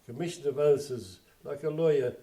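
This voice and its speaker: Older man, from south africa, mellow warm voice, plainspoken, rambling memories. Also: on the high side, fairly quick. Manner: plainspoken, digressive storytelling. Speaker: interviewee. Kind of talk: oral history interview.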